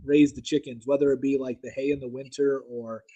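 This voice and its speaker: A man's voice: medium pitch, little pitch movement, fairly quick, mellow, low-quality recording. A man hosting a casual political podcast, talking loosely with restarts and laughs. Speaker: podcast host.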